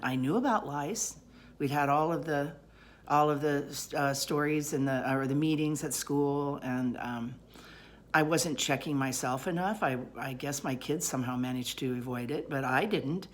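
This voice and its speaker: Low-pitched woman recounting a personal story, lively and rambling, frequent ums. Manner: animated, rambling retelling with many fillers. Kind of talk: personal story told aloud.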